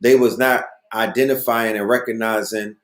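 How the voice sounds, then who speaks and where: Low-voiced man telling loose stories. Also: fairly even intonation, moderate pace, echoey room. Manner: loose storytelling with frequent "you know what I mean". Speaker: host. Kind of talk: casual livestream monologue.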